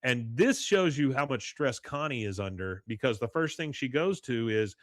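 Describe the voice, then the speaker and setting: A man's voice: mid-range voice, normal speed, few pauses, no room sound, clean studio sound. A man hosting a podcast, chatting casually as he retells a cartoon episode scene by scene with laughs. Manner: animated retelling, reads out quotes with laughs. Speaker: podcast host. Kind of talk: casual chat recapping an episode.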